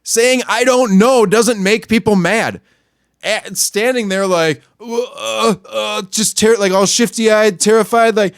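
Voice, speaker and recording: A man hosting a podcast, delivering a crude, angry rant that swings between low muttering and yelling. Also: steady tone, slow pace, clean tone, dry recording, clean studio sound. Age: adult, not much older than a young store clerk. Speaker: podcast host. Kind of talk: profane ranting monologue.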